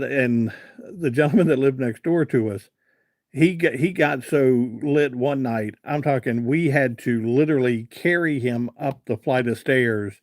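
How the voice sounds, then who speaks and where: A man's voice: mid-range voice, darkish tone, no echo, clean studio sound. Rambling man telling folksy stories. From Virginia, USA. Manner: rambling, folksy storyteller who reads out and answers viewer comments. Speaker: live-stream host. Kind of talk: casual live-stream chat and storytelling.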